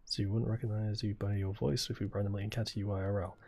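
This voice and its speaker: A soft-spoken man in his twenties, chatting casually while streaming a game. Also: level tone, fast talker, vocal fry, slight background noise. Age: 20s. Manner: quiet, low-key and soft-spoken. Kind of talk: casual chat while gaming.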